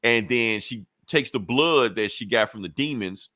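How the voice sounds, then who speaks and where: A man's voice: medium pitch, normal speed, bright, forceful tone, no room sound, clean studio sound. A man on a podcast recapping a comic book in a loose, casual way, swearing often and using many fillers. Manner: loose, profane storytelling with frequent fillers. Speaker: podcast co-host.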